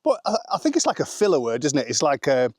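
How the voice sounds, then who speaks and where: A man's voice: fairly high pitch, huge pitch swings, quick pace, darkish tone, slightly rough, no echo. Rambling, chatty man, dry close sound. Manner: rambling, self-deprecating, heavy on filler words like "anyway" and "um". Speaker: vlogger sharing family life abroad. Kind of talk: casual chatty vlog. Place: outdoors at a rural smallholding with animals.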